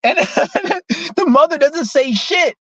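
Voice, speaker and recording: A young man telling a profane, animated story in a casual vlog rant. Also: extremely high pitch, takes it slowly, no room sound, muffled recording. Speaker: vlogger.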